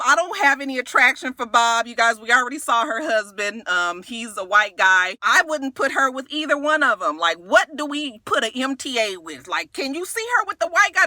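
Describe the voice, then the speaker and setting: A woman recaps a reality TV episode in a loose, profane monologue, her voice high and bright. She talks fast and animated, leaping up in pitch whenever she plays one of the cast. The sound is close and dry. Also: no room sound. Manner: animated, quick, acts out quotes with big pitch jumps.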